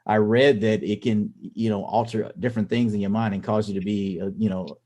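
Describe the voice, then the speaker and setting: A man with a low-pitched voice co-hosting a casual podcast chat. He rambles, restarting his sentences and leaning on fillers as he works his thoughts out loud. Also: fairly even intonation, brisk. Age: adult parent. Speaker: podcast co-host.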